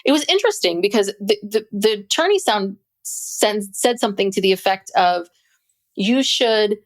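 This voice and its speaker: A woman's voice: medium pitch, very animated, a little fast. A woman co-hosting a podcast, discussing a documentary in a thoughtful, chatty way with hesitant fillers. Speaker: podcast co-host. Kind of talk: casual chat about a documentary.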